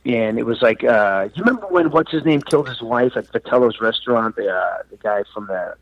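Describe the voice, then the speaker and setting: A man in his forties, a comedian and actor from New York and Florida, telling stories as a podcast guest. He acts out quoted lines loudly and swears freely. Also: mid-range voice, lively intonation, brisk, dry recording. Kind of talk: casual podcast storytelling. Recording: dull, dry sound.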